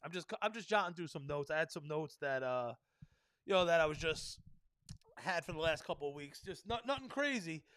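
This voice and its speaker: High-voiced ranting New man. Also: expressive, brisk, fairly bright tone, smooth, dry recording. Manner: profane, ranting, full of "you know what I mean". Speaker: podcast host. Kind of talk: solo podcast rant.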